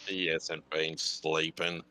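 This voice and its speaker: Very deep-voiced man, laid-back. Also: little pitch movement, slow, heavy background noise. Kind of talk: casual chat.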